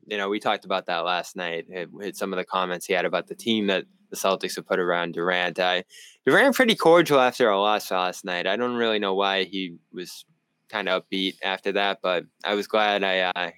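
A man's voice: low-pitched, clear, resonant tone, no room sound. A man with a Boston accent, a sports reporter talking basketball in a casual postgame show, telling stories with laughter. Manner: animated storyteller, laughs often. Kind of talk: casual postgame podcast chat.

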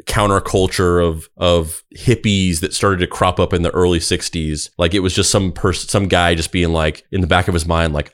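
A man riffing jokes on a comedy podcast, rambling and halting with many fillers. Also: low voice, steady tone.

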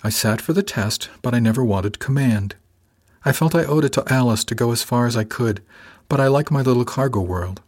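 A man voicing a thoughtful woman ship's officer who speaks quietly and reflectively. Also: mid-range voice, brisk, close to an everyday voice.

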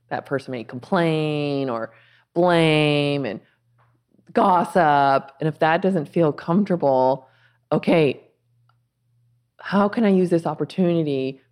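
A woman with a notably low voice, speaking as a podcast guest. She is calm and earnest and frames life in spiritual terms, offering gentle encouragement. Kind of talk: spiritual conversation.

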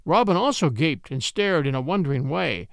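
A man reads a storybook aloud with a lively, expressive delivery. His voice sits a little high and swings freely, and the recording is dry and close. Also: normal speed, vocal fry, no room sound. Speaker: audiobook narrator. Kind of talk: storybook narration.

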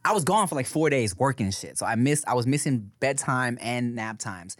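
A man co-hosting a podcast in casual chat, telling animated stories, swearing freely and laughing often. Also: medium pitch, brisk, dry recording, studio quality. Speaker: podcast co-host.

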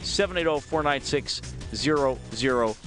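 A man hosting a sports radio show, reading listener texts and chatting in a relaxed, self-amused way. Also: medium pitch, normal speed, faint music behind. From Alberta, Canada. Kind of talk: casual radio talk. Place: radio studio. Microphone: studio microphone.

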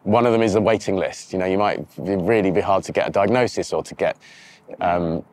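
A man with a deep, low voice talks candidly in an interview. He is reflective and halting, often restarting his sentences as he gathers his thoughts. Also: a little mellow, slight background noise. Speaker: interview guest, TV presenter. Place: outdoors by a river.

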